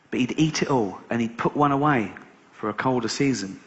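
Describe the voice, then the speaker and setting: Sweary stand-up comedian, rambling. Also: male voice, mid-range voice, expressive, normal speed, fairly bright tone, slight background noise. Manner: rambling, sweary, sarcastic storytelling with mock-earnest asides. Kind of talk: stand-up storytelling. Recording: slightly dull live recording.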